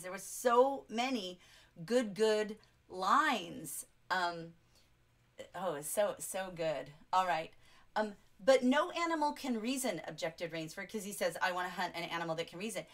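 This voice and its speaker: An enthusiastic woman leads a live English class on a short story. She reads passages aloud and talks back to her viewers' chat in a chatty, excited way. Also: mid-range voice. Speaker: English teacher. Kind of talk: livestreamed literature lesson.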